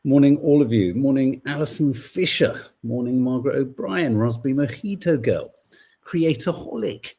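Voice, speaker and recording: Chatty man, lively and husky. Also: mid-range voice, normal speed. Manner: chatty, rambling, self-correcting. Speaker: podcast host. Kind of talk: casual chat greeting live viewers.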